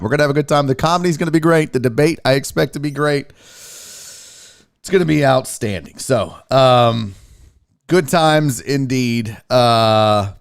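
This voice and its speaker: A man hosting a sports livestream, talking casually and firing off quick shout-outs to viewers in the chat. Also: medium pitch. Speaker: sports show host.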